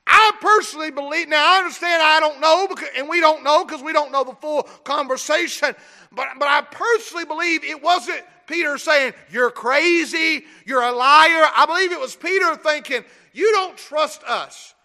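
A man preaching a Sunday morning sermon, often shouting and asking the congregation questions. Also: extremely high pitch, a little fast, gravelly. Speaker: pastor. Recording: long hall reverb.

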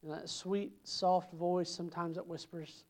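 A man preaching a sermon at a church service, emphatic and repetitive, building his lines up in pitch and loudness. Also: level tone, moderate pace. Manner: emphatic, repeating phrases with swells in pitch and volume.

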